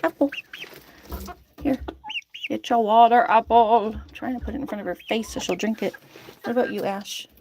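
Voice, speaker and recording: A woman's voice: a little high, normal speed, pauses often, warm tone, slight background noise. A young woman chatting casually in a chicken coop, laughing often and cooing at her birds. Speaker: vlogger tending chickens. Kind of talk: casual chat. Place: backyard chicken coop at night. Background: chickens clucking.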